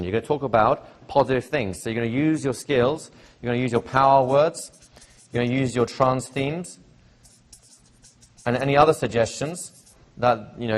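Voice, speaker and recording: A middle-aged man teaching hypnosis to a live seminar audience, chatty and repetitive, often checking in with questions. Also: medium pitch. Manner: conversational, repeats phrases, asks the audience questions. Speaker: hypnosis trainer.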